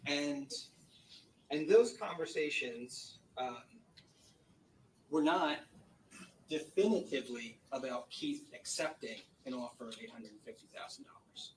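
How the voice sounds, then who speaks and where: Male lawyer, methodical cross-examiner, steady mid voice, light background hiss. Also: medium pitch, rough recording. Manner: measured, methodical questioning with hesitations. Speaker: trial attorney. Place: courtroom.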